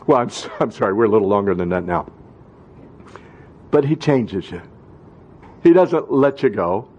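A male pastor preaching a sermon, rising into emphatic calls and dropping to quiet asides. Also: medium pitch, sing-song, measured pace.

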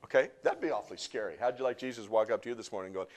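A middle-aged male pastor preaching to a congregation, swinging from soft, hushed teaching to loud, impassioned outbursts and joking with the crowd. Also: mid-range voice, big pitch swings, very fast. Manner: jokes and teases the congregation. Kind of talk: sermon. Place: church before a live congregation.

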